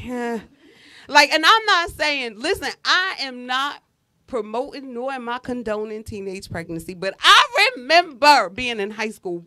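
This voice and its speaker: A woman in her forties doing a stand-up comedy set, telling animated stories and breaking into loud exclamations. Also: fairly high pitch, normal speed, no echo. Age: 40s.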